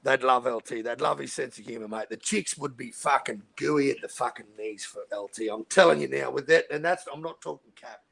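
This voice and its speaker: A man's voice: medium pitch, a little fast, gravelly, hardly any pauses, fairly bright tone, slightly rough, no echo. A man with an Australian accent hosting a casual, rowdy chat, swearing freely as he tells stories. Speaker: podcast host.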